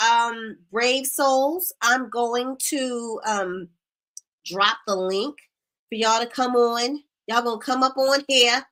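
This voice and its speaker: A woman coach hosting a live group video call, animated and casual, laughing often and using slang. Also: high-pitched. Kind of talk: lively casual coaching talk.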